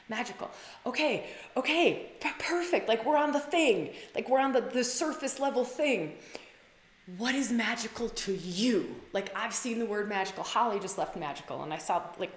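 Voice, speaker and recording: A woman hosting a casual live stream for women, reading out comments and coaching viewers. She talks in a gushing, emphatic way, fills her speech with "like" and restarts, swears freely, and her voice jumps up when she gets excited. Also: mid-range voice. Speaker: livestream host coaching women. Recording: roomy echo.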